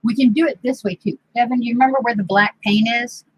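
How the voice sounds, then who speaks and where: A fast-talking middle-aged woman with a voice on the high side hosts a craft live stream indoors at home, chatting casually as she works and teasingly scolding the kids around her. The desk computer mic gives a rough recording with a little hiss or hum.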